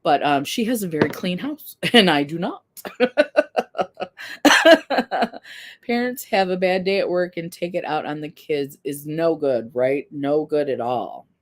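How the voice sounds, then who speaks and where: A woman's voice: sits low, moderate pace, few pauses, darkish tone. A woman in her fifties hosting a casual live stream, talking candidly and earnestly while reading viewer comments. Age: 50s. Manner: candid, earnest, self-deprecating.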